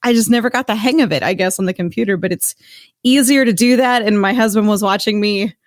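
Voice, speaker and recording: A woman's voice: medium pitch, fast, dry recording, studio quality. A woman on a casual podcast, stuffed up and tired from a cold, chatting in a joking, self-deprecating way.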